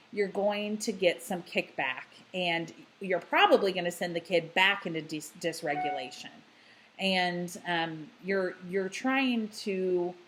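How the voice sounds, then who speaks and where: A woman with a slightly low voice explains ideas about children in a calm, unhurried way. She speaks off the cuff and fills pauses with "you know" and "um." Her manner stays gentle and patient throughout. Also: poor audio. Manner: softens into a gentle, hushed voice when modelling words to a child. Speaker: child therapist giving parenting advice. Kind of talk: unscripted explanatory talk.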